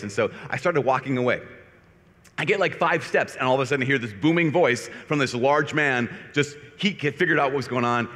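Priest telling a story in an echoey hall. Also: male voice, mid-range voice, fairly quick. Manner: animated storytelling, self-deprecating. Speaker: Catholic priest. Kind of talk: homily to a youth conference. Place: large conference hall.

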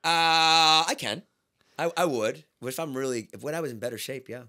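A man's voice: fairly high pitch, moderate pace, sharp tone, no echo, studio quality. A middle-aged podcast host chatting easily and joking at his own expense. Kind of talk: casual podcast chat.

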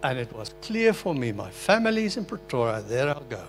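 A man's voice: mid-range voice, very animated, a little fast, a little hiss or hum. An older man from Africa, an earnest, emotional pastor sharing his personal testimony in a sermon. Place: meeting hall.

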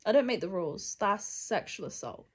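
A woman's voice: mid-range voice, lively intonation, normal speed, husky. A young woman in a casual book vlog, candid and sarcastic, laughing often. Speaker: book vlogger. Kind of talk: casual reading vlog chat.

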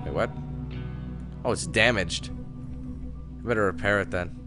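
A man's voice: lowish voice, slow pace. A man giving casual, joking commentary while playing a video game, swearing now and then. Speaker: gamer. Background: game music.

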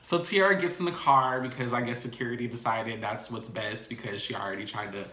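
A man's voice: medium pitch, brisk, bright, forceful tone, roomy sound. A man recapping a TV episode in a casual, gossipy way, with playful asides to his viewers. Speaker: YouTube recap host.

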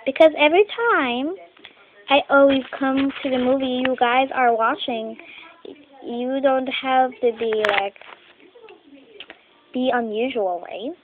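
A woman voicing teenage doll characters in a homemade skit, talking in a halting, rambling way and often clearing her throat. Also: high voice, fairly even intonation, narrow, tinny audio, a little hiss or hum.

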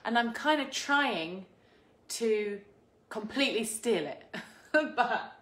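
An English woman hosts a live cooking stream from her home kitchen, chatting casually, laughing, and greeting viewers by name. Her voice is a little high and expressive, slow, with a fairly bright tone. The kitchen is echoey, with faint background noise.

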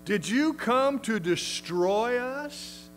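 A man's voice: extremely high pitch, animated, drawn-out words, a bit bright, a little hiss or hum, pitched above the performer's own voice, exaggerated voice. A man voicing a male demon crying out through a possessed man, pleading and defiant.

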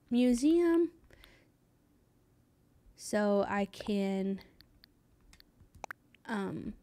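A woman's voice: fairly high pitch, a little hiss or hum. Bubbly, rambling young woman streamer. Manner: rambling and chatty, trailing off with many fillers; bubbly, reads out and thanks viewers. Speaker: game streamer. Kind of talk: live gameplay stream chatter.

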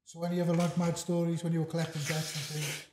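A man hosting a podcast throws in quick, short questions to keep his guest talking. His voice sits a touch high and reaches the mic from across an echoey room with a faint hiss behind it. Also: level tone, darkish tone. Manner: brief prompting questions. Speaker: podcast host. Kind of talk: interview questions.

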